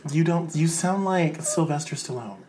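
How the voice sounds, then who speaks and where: A man playing in a casual tabletop game, hesitant and halting as he talks. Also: fairly high pitch, darkish tone, a little hiss or hum. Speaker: player.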